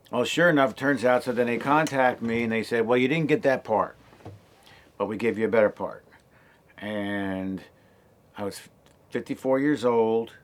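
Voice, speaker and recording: A man in his sixties casually telling the story of his late start as an actor, rambling with many fillers and restarts. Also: fairly low pitch.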